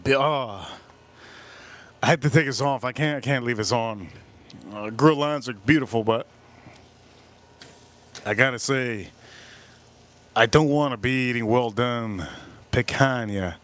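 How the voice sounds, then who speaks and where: A man hosts a casual live stream as he grills, talking to his viewers in a blunt, cursing way. His voice sits at an ordinary middle pitch, and his frustration shows as he swears through the cook. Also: a little slow, long pauses, fairly bright tone. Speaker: livestream host cooking and drinking.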